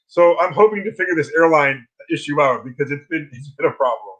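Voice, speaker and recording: A man's voice: a little high, fairly quick, hardly any pauses, highs cut off. Chatty man on a video call. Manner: animated storytelling with restarts. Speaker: guest, philosophy teacher. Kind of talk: casual interview talk.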